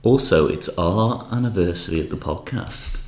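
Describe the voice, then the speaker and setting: A man's voice: low voice, normal speed, echoey room. A man co-hosting a podcast, chatting casually and laughing easily. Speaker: podcast co-host. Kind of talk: casual chat.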